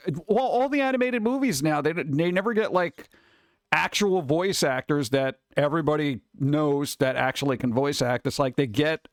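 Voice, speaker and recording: A man's voice: a little high, dry recording, studio quality. A man streaming live, chatting casually and rambling while answering his viewers. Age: adult.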